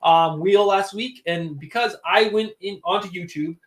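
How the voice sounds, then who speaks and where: A man's voice: high-pitched, measured pace, echoey room. A man co-hosting a livestream, chatting casually and laughing along, giving channel announcements. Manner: easygoing, laughs often, chatty asides. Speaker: livestream co-host.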